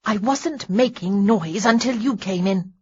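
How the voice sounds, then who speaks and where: A woman voicing a spirited young lady in an audiobook, answering back with sharp, indignant retorts. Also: medium pitch, unhurried, slightly rough, lo-fi sound, voice pushed up. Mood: outraged.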